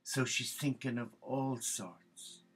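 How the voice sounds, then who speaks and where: A man telling a comic story in a lively narrating way, slipping into character voices. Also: medium pitch, takes it slowly, breathy edge, low-quality recording. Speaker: religious storyteller.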